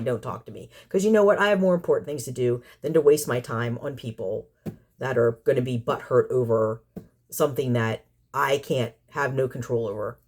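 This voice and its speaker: A woman's voice: rumbling low, moderate pace, darkish tone. Casting note: woman vlogger, fed-up and sarcastic, rambles and repeats herself while venting at her viewers. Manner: exasperated, sarcastic, full of rhetorical questions. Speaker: community cat caretaker and channel host. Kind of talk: vlog rant to viewers.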